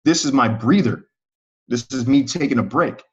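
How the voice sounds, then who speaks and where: A man with a mid-range, somewhat dark voice teaches price-action trading in a live online webinar. He talks conversationally at a moderate pace with lively intonation and often checks on his viewers, and the call audio is slightly muffled.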